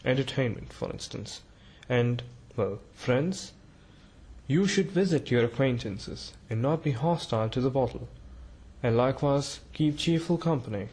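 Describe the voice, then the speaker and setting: A man reading a storybook, voicing a grave, probing male doctor who speaks deliberately, with grunted pauses. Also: medium pitch, animated, darkish tone, husky. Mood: insistent.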